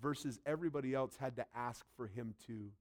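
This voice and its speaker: A man preaching a sermon emphatically, swinging between loud and soft and acting out quotes from the story. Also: mid-range voice, a little fast. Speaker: pastor.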